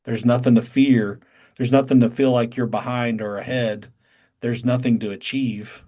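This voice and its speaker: A man's voice: medium pitch, fairly even intonation, moderate pace, warm tone. A man with a Southern accent leads a spiritual session over a video call. He talks bluntly and emphatically, swearing often to drive points home. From North Carolina. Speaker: satsang teacher.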